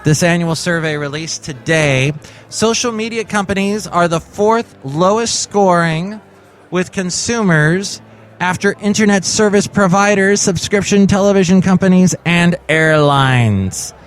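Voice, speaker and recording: A man's voice: high-pitched, measured pace. A man hosting a comedic solo podcast and riffing playfully on the day's stories. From California. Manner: jokey, playful delivery. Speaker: podcast host.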